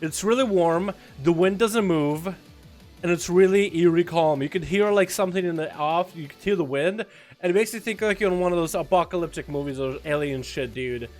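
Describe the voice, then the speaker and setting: A man chatting casually on a game livestream, loose and profane, telling stories with animated swings in energy. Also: sits high, fairly quick. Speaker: game streamer. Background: faint background music.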